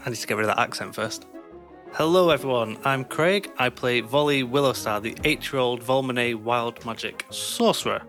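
Man, giggly player, bright tone, faint music behind. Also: medium pitch, normal speed. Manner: giggly, self-mocking. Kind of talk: casual podcast banter.

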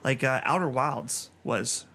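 Gravelly-voiced male podcast host. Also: mid-range voice, pushed and bright. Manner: reads news items rapid fire, chatty. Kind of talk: casual chat.

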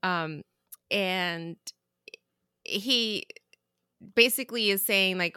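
A woman's voice: fairly low pitch, lively intonation, slow, long pauses, pushed and bright, smooth, dry recording, clean studio sound. A woman co-hosting a podcast in casual chat, telling stories animatedly with frequent "like" and easy laughs. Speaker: podcast co-host.

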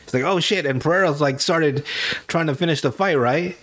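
A man hosts a casual podcast and tells a story with lots of swearing and laughter. His voice sits a touch high, and he keeps an animated, chatty pace throughout. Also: brisk. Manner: animated, profane, laughs often. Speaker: podcast host.

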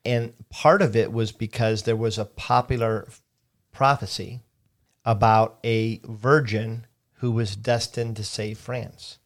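Middle-aged male co-host, low voice, relaxed and encouraging, unhurried pauses and fillers. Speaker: podcast co-host. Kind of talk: casual history discussion.

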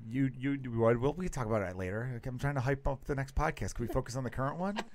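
Fast-talking, cursing male podcast host. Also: medium pitch, crowd noise. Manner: quick, profane, joking banter. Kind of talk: casual podcast chat.

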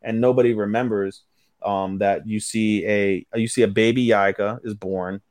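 A man co-hosting a casual anime podcast, retelling episodes with lively acted-out quotes and frequent swearing. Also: on the low side, moderate pace, no room sound. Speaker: podcast co-host. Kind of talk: casual anime review chat.

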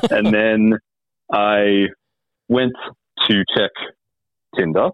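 A man's voice: lowish voice, huge pitch swings, extremely slow, no echo. A man telling a dating story as a guest, wry and hesitant with many ums. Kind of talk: casual storytelling. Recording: tinny phone line.

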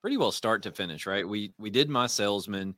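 A low-pitched man with a drawl, hosting a relaxed interview show. His talk wanders, full of fillers and restarts, and the sound is close and dry. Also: fairly quick, dry recording. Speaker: podcast host. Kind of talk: casual conversational interview.

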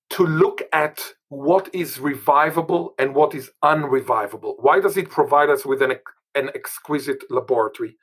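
A man's voice: a little high, fairly bright tone, breathy edge, rough recording. A man from Israel, a linguist guest, talking emphatically and restating his points. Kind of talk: emphatic interview talk.

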